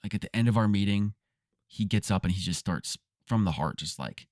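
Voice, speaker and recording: A man co-hosting a podcast in casual chat, telling stories in an excitable, chatty way. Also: fairly low pitch, fairly quick, dry recording, clean studio sound. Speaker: co-host. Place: basement studio.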